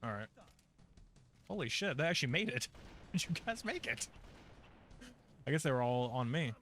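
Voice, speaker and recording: A man's voice: mid-range voice, big pitch swings, normal speed, fairly bright tone, slight background noise. A man commentating his own gameplay in a casual, joking way, with swearing. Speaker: gamer in recorded video.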